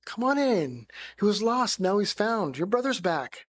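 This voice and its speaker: Forgiving father, voiced by a man, gentle and pleading, somewhat high. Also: very animated, a little slow, heavily acted.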